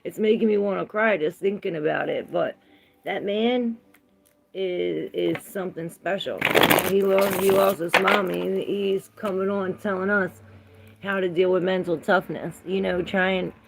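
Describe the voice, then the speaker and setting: In a lowish, gravelly voice with a steady tone and measured pace, a woman reading tarot on a livestream chats casually, rambling between thoughts and calling out viewers by name. The audio is very noisy.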